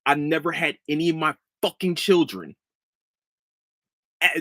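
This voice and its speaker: A man's voice: fairly high pitch, a bit bright, dry recording, clean studio sound. A man in his thirties hosting a podcast, telling a story as a profane, heated rant. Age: 30s. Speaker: podcast host. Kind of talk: casual chat.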